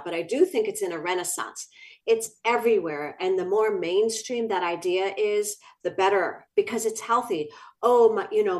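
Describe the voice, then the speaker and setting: Eager woman guest, warm lively answers on a talk show. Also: medium pitch. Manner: enthusiastic, expressive. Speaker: guest author. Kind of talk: interview answers.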